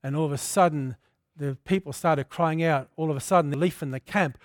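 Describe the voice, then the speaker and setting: A man preaching a passionate sermon, rising to loud declarations and dropping to quiet storytelling. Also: on the high side, brisk, dry recording, clean studio sound. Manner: impassioned preaching, swinging between loud declarations and hushed storytelling.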